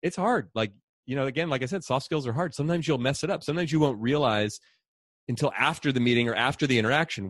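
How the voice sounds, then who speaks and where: A middle-aged man, an author and speaker, telling stories in an animated conversational way and acting out quoted voices. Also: mid-range voice, quick pace, no room sound, clean studio sound. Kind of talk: conversational storytelling.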